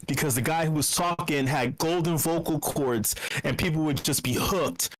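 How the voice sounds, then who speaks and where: A man hosting a casual live voice-channel show, brash and profane, teasing his listeners and swinging into loud drawn-out shouting. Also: fairly high pitch, slight background noise. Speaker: host of a community voice-chat show. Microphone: computer mic in voice channel.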